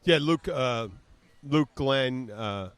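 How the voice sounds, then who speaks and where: A man's voice: mid-range voice, lively intonation, takes it slowly, smooth, no echo. A man in his fifties from the southern United States hosting a podcast, rambling through stories in casual chat and mimicking voices as he retells them. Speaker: podcast host.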